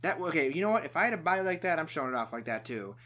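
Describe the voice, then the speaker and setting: A man casually recapping a movie on a podcast, animated and acting out the characters' lines. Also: on the high side, racing, a crowd in the background. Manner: animated storyteller, acts out quotes. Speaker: podcast host.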